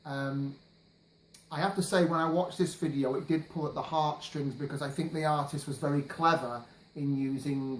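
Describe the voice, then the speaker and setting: Man, jury member, earnest and measured, slightly high voice, roomy recording. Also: slight background noise. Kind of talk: recorded jury vote message.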